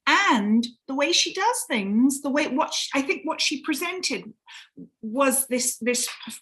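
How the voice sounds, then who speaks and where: A woman's voice: high-pitched, lively intonation, a little slow, fairly bright tone. A middle-aged English woman, an author from England, chatting as a guest in a casual interview and often restarting her sentences.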